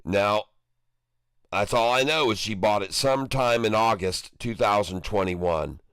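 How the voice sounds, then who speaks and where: A man's voice: lowish voice, a little slow, fairly bright tone, clear, resonant tone, no echo, clean studio sound. Jovial man hosting a livestream. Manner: jovial, laughs often, upbeat banter with viewers. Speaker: stock market livestream host. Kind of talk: casual livestream chat, reading viewer comments aloud.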